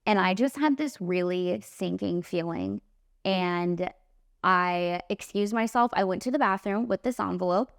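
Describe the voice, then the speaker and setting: A woman in her late twenties, a podcast host and makeup artist, telling a story in an animated, emphatic way, full of "like" and "literally.". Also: on the low side, unhurried, no echo, studio quality. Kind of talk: casual storytelling monologue.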